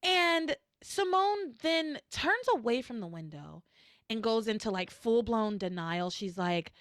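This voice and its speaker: A woman hosting a podcast in casual recap chat, animated and acting out characters in shrill voices. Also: a little slow, dry recording, clean studio sound. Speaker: podcast host.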